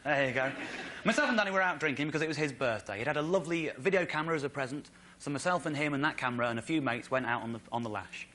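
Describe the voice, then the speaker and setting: An English man telling a story on stage as a stand-up comedian, excitable, with incredulous outbursts. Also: rapid-fire, a little hiss or hum. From England. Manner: excitable, builds to incredulous high-pitched outbursts. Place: stage in front of a live audience.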